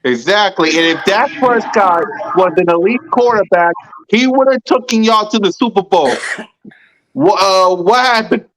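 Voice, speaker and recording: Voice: medium pitch, normal speed, crowd noise, rough recording. A podcast co-host, ranting about football in heated, emphatic bursts and repeating points for effect. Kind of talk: ranting sports talk.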